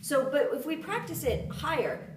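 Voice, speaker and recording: A woman's voice: high voice, lively intonation, normal speed. A woman flute instructor giving a lesson, counting beats aloud and singing articulation syllables. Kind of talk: music lesson, counting and demonstrating. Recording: echoey room, voice from a distance. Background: flute playing.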